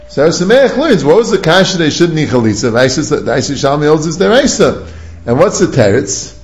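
A man giving a Talmud class, reasoning out loud in a quick, animated back-and-forth. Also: a little high. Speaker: Talmud teacher. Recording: roomy echo.

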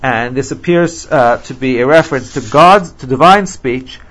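A man teaches a scripture class at a steady, measured pace. He quotes each verse and then explains it, with frequent ums. His voice sits at an ordinary middle pitch. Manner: measured, reads Hebrew verses then translates, many ums. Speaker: Bible teacher. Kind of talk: textual lecture on scripture.

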